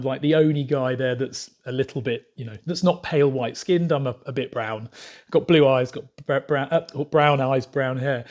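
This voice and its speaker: A man's voice: medium pitch, darkish tone. A man talking casually to camera as a vlogger, rambling with frequent fillers and restarts.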